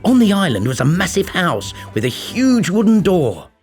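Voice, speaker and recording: Animated male fairy-tale narrator. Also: sits high, moderate pace, faint music behind. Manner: animated, playful. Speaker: storybook narrator. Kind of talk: expressive storytelling narration.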